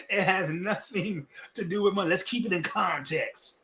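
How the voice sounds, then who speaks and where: Animated preaching man, slightly high voice. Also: a little slow. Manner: lively preaching with wide swings between loud and hushed; folksy, repetitive phrasing. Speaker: pastor. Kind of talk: sermon.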